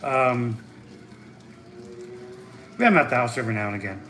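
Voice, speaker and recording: A man's voice: mid-range voice, expressive, moderate pace, a bit bright, slight background noise, poor audio. A man from the Midwest, chatting casually on a livestream from a concession stand and answering questions from chat. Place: concession stand at a soccer venue.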